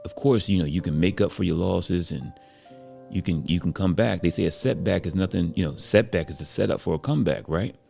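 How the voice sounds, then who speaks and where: A man narrates a story in a relaxed, reflective, conversational way. His voice is very low and heavily gravelly, with a dark, mellow tone. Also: a little fast, faint music behind. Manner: relaxed, reflective, many "you know" fillers.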